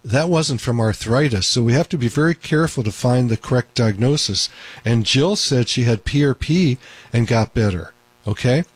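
A man's voice: medium pitch, expressive, normal speed, husky, no echo. A man hosting a call-in radio show as a doctor, talking in an emphatic, repetitive way. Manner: talkative, emphatic, repeats points.

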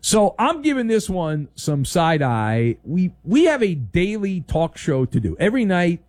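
Animated, sarcastic sports talk host, a man. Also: high voice, unhurried, dry recording. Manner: animated, sarcastic, acts out little scenes in funny voices. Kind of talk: opinionated sports commentary.

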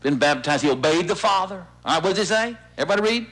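Animated preacher man with swooping pitch. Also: fast. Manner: preacherly, repeats lines for the congregation to echo. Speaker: pastor. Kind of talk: sermon with call-and-response.

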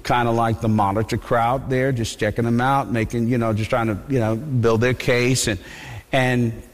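A male pastor preaching a sermon in an animated, conversational way, often repeating his words. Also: mid-range voice, moderate pace. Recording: long hall reverb.

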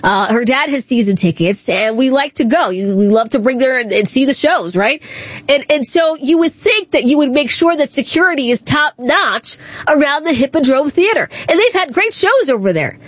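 A woman's voice: sits high, expressive, moderate pace, no room sound. A woman hosting a radio talk show, taking calls and giving her opinions in a conversational way. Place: radio studio.

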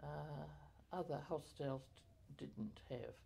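An older woman recalling her community life in an oral history interview, halting with many fillers and self-corrections. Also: sits low, gravelly, warm tone, a little hiss or hum.

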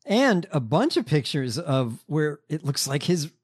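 A man's voice: on the high side, big pitch swings, a little slow, husky. A man co-hosting a comedy podcast, reading news items with dry jokes and plenty of fillers. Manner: dry, hesitant, many fillers. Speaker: podcast co-host.

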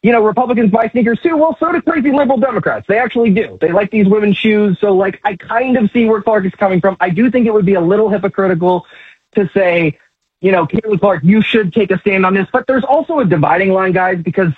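A man's voice: high voice, fast talker, slightly rough, no room sound. A man calling in as a guest commentator, talking emphatically and sarcastically in a fired-up opinion rant. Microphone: phone line. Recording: tinny phone line, dry.

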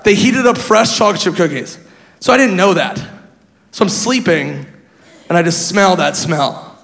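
High gravelly stand-up comic, live crowd. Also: male voice, animated, moderate pace, fairly bright tone. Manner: brash, laughing at his own jokes. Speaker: stand-up comedian. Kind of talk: stand-up storytelling. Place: comedy club stage. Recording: live hall with a laughing crowd.

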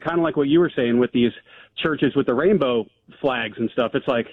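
A man's voice: mid-range voice, moderate pace, no echo. A man calling into a radio show, speaking casually with lots of "like" and "um". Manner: casual, filler-heavy with "like" and "um". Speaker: caller. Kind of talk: call-in conversation. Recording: tinny phone line.

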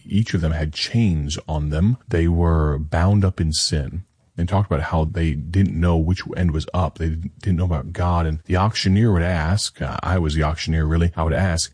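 A male evangelist with a very low, husky voice opens his broadcast sermon. He speaks in an earnest, conversational, storytelling way. His voice is close and dry. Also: fairly even intonation, moderate pace, a little mellow, no echo.

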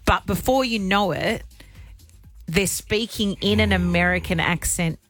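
A woman's voice: medium pitch, unhurried, a bit bright, faint music behind. A woman co-hosting a radio show, chatting casually and poking fun at herself. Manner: chatty, self-deprecating, laughs easily. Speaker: radio co-host.

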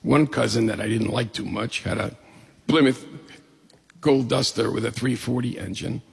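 Husky, gravelly middle-aged male storyteller, comic timing, from upstate New York. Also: mid-range voice, moderate pace. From New York State. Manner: lively, humorous, acts out quoted voices. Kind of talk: personal story told to an audience. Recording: long hall reverb.

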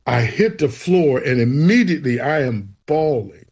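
A man's voice: mid-range voice, moderate pace, husky. A man, telling his faith testimony as an interview guest and acting out the voices in it. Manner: animated storyteller, acts out quoted voices. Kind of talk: storytelling testimony.

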